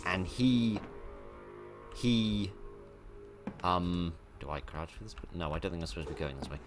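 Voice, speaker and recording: A man's voice: deep voice, fairly even intonation, unhurried, over music. A British man giving casual commentary while playing a game, rambling and self-mocking with frequent restarts. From Britain. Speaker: let's play gamer.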